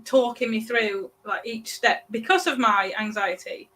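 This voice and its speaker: A British woman in her thirties, a parenting coach chatting as a guest, talking in halting bursts with many restarts. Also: a little high, pushed and bright. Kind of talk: casual podcast interview.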